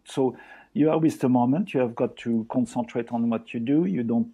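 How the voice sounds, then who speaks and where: Older french guy on a podcast, husky mellow voice, french accent, chatty. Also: mid-range voice, normal speed. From France. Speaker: guest. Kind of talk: casual podcast chat.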